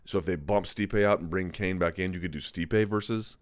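Low, smooth-voiced man hosting a live chat. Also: fairly quick, no room sound. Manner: candid, rambling, self-correcting. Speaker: MMA live chat host. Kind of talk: casual live-stream commentary.

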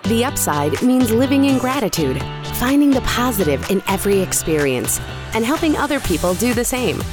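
A woman's voice: fairly high pitch, sing-song, normal speed. A woman reading a scripted podcast intro in a lilting announcer manner. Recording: voice over clear music.

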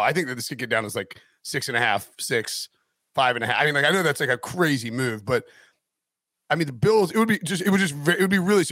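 A man's voice: mid-range voice, fairly bright tone, no room sound. A man co-hosting a sports betting podcast, rambling and often breaking off mid-sentence. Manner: rambling, self-interrupting. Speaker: podcast co-host. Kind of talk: casual sports betting chat.

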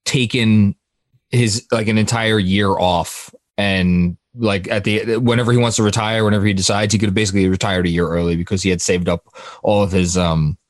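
A man's voice: fairly low pitch, fairly even intonation, fairly quick, no echo. A man hosting a casual sports podcast, rambling with frequent laughs and restarted sentences. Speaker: podcast host.

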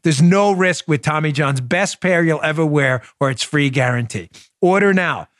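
The middle-aged host of a political podcast has a fairly high, fairly bright voice, recorded in studio quality without echo. He handles commentary and sponsor reads emphatically and with jokes, riffing and slipping into mock voices.

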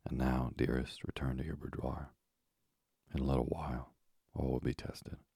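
A man voicing an impassioned scientist husband, speaking impetuously and often in a hushed whisper. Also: a bass voice, level tone, normal speed, creaky, husky, no room sound, studio quality, exaggerated voice. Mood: solemn.

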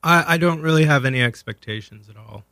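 A man appearing as a guest, low-key and drily joking. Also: quick pace, pushed and bright, no room sound. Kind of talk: casual interview.

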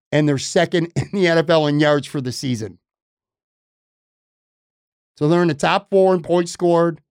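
A man's voice: fairly high pitch, darkish tone, smooth, no echo, clean studio sound. A man hosting a solo sports podcast, giving emphatic, opinionated commentary and often correcting himself mid-sentence. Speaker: podcast host.

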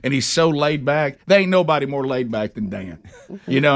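Guy on talk radio, loud and gregarious, does little voices for everyone in his story. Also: medium pitch, normal speed, creaky. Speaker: radio show host.

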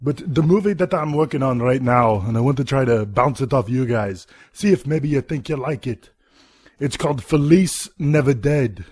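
Guy putting on a thick austrian accent, pompous action hero politician, deadpan bragging, dry close sound. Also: mid-range voice, normal speed, slightly rough, dry recording, natural voice. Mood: boastful. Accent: Austrian (put on). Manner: self-important, deadpan boasting, thick put-on accent. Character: impression of a blustery Austrian action-star governor. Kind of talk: comedy sketch monologue.

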